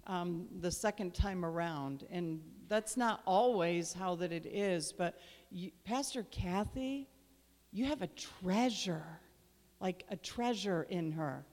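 A woman's voice: on the low side, expressive, takes it slowly, darkish tone. A woman guest minister praying and preaching with fervent, repetitive, emphatic phrasing in a church. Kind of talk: prayer and sermon. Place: church sanctuary. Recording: long reverb of a large church hall.

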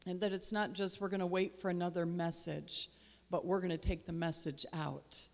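A guest minister, a woman with a fairly low, gravelly, slightly mellow voice, prays and preaches in a church sanctuary at a moderate pace with a flat delivery. Her phrasing is fervent, emphatic, and repetitive, and the big church hall adds long reverb.

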